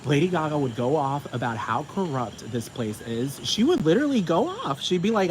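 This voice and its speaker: Profane ranting man, fairly high voice. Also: very animated, moderate pace, few pauses. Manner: profane, emphatic, repetitive. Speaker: commentator. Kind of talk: ranting monologue. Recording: noisy with vehicle sounds behind.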